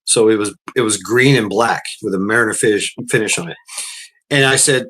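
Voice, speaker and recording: A man's voice: fairly low pitch, a little fast, fairly bright tone, a little hiss or hum. A man, telling a story in a profane, rambling way and often repeating words. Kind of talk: casual storytelling.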